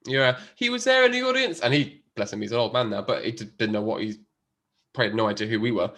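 Male podcast host, casual chat, animated delivery, laughs often, lively pitch. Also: fast talker.

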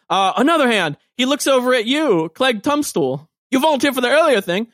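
A man narrating a tabletop game as game master, animated and jokey. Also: very high voice, fairly quick, no room sound.

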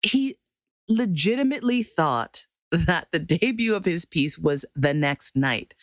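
Animated woman telling a funny story. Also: on the low side, measured pace, no room sound, clean studio sound. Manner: animated, swears casually, laughs often. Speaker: performer telling a personal story. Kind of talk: casual personal storytelling.

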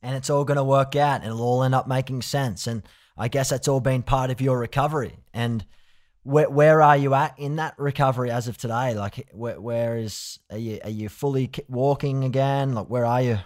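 A man hosting an interview, asking reflective questions in a gentle way. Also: medium pitch, steady tone, moderate pace. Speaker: host.

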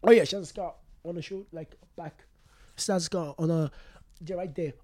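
A young man telling a personal story as an interview guest, rambling and halting with many fillers and restarts. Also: a little high, darkish tone, no echo, studio quality. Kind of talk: casual interview talk.

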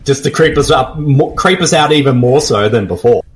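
A man co-hosting a casual movie-riffing podcast, joking and laughing often. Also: medium pitch. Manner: laughing, quick jokey asides.

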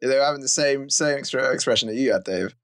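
Fast-talking man, rambling and sweary. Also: mid-range voice, a little hiss or hum. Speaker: podcast co-host. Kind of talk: casual chat. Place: home, camera off.

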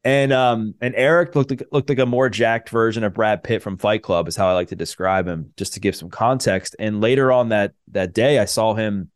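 A man's voice: on the low side, moderate pace, no room sound, studio quality. A man, a personal trainer, telling his life story as a podcast guest, earnest and full of fillers like "um" and "like". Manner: earnest, many fillers and restarts.

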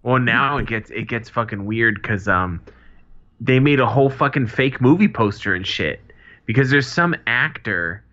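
A man co-hosting a casual podcast, talking excitedly with lots of swearing and laughter. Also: medium pitch, normal speed, lo-fi sound. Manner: excitable, profane, laughs a lot. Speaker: podcast co-host. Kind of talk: casual chat.

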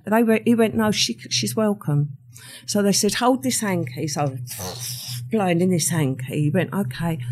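A woman's voice: medium pitch, expressive, normal speed. An older woman, recounting a true crime story as an interview guest and acting out the quoted voices.

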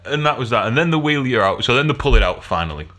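A man's voice: medium pitch, animated, fast, sharp tone. A man telling a story in casual podcast chat, swearing and laughing as he goes. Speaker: podcast co-host.

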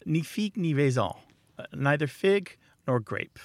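A man's voice: a little high, big pitch swings, measured pace, no echo. A man co-hosting a radio show about words, joking playfully and laughing often. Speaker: co-host of a word show. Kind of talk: casual radio chat.

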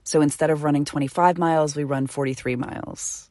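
Low-voiced earnest woman podcaster. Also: expressive, dry recording, studio quality. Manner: earnest and heartfelt, slowing to a soft whisper at tender moments. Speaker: podcast host. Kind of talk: intimate solo podcast monologue. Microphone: studio microphone.

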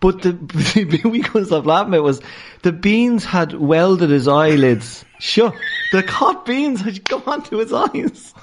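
A man with a Dublin Irish accent, a stand-up comedian and podcast guest, telling stories in an animated way and laughing as he goes. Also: high voice, slow. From Dublin, Ireland. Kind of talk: casual storytelling in a podcast interview.

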